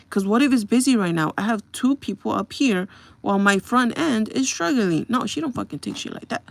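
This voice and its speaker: A woman live streaming tells her viewers a long, exasperated story, venting and repeatedly checking in with them through asides. Her voice is a little high and animated with vocal fry, and she speaks briskly in this casual storytelling rant.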